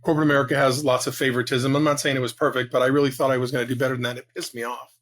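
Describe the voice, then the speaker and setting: A man in his fifties, a real estate agent guest telling his story in a casual interview, rapid and animated with many restarts. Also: mid-range voice. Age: 50s.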